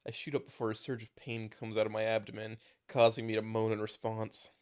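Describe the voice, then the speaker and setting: Man reading a fan story aloud, low voice, casual, small stumbles. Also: little pitch movement, brisk, smooth. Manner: reads with small stumbles and restarts. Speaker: story narrator.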